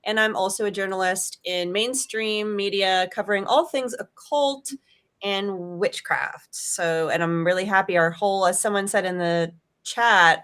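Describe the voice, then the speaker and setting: A woman author and editor introducing herself to a podcast audience. She talks in a brisk, friendly way in a mid-range voice. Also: medium pitch, fairly bright tone. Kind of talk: casual self-introduction.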